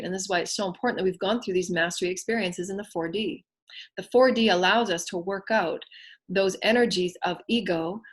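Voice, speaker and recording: A woman giving a spiritual teaching talk, speaking in slow, repetitive affirmations that often drift soft and hushed. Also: fairly low pitch, slightly rough.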